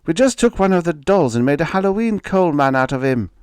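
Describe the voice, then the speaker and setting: A man's voice: fairly high pitch, lively intonation, a little fast, a little mellow, clear, resonant tone, no echo, pitched above the performer's own voice, natural voice. A man voicing a frightened young boy pleading in an audiobook reading. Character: young boy, scared and protesting.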